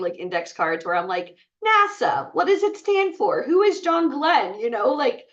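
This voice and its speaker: A woman's voice: mid-range voice, a bit bright. Blunt chatty woman speaking from far off. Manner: blunt, chatty, asks the audience questions. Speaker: bootcamp speaker. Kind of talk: motivational talk to an audience. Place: event room. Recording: muffled sound from far off.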